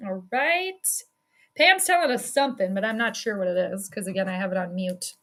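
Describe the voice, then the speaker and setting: A woman's voice: mid-range voice, brisk, a bit bright. A woman giving casual live play-by-play commentary on a stream, chatty and laughing often as she reads out her chat. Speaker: sports streamer doing live game commentary.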